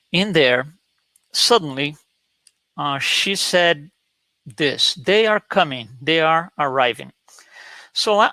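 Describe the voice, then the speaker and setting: Male presenter, slide talk, bright forceful voice, dry close sound, halting delivery. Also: on the high side, dry recording, rough recording. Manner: hesitant, repeats words, storytelling.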